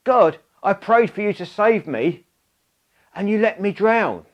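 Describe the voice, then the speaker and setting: A man's voice: sits high, expressive, a little slow, muffled recording, pitched above the performer's own voice. A man voicing a stubborn, irritated man who keeps praying through a flood and turns rescuers away. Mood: indignant. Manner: insistent, exasperated pleading.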